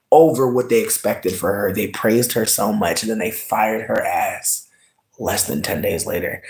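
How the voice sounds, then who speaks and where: A man's voice: lowish voice, rough recording. A young man, telling a profane, heated storytime rant in a vlog and acting out what people said. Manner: heated, profane, quotes people in exaggerated voices. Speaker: vlogger.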